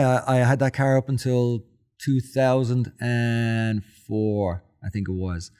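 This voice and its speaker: Man, forties, Dublin Irish accent, middle-pitched voice, casual guest storytelling, emotional, animated. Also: slow pace, clear, resonant tone. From Ireland. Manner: emotional, animated storyteller who acts out his own quotes. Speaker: podcast guest.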